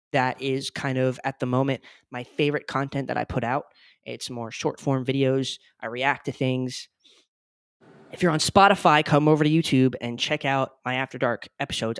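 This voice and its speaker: A podcast host giving a casual, hyped outro full of plugs, talking effusively with big jumps in pitch. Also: clear, resonant tone, no echo, studio quality.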